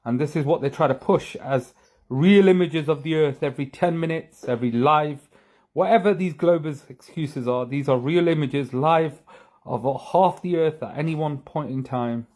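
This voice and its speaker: A man's voice: on the high side, moderate pace, a little mellow. A man hosting a video, giving sarcastic, mocking commentary over images he is showing on screen. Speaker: video host.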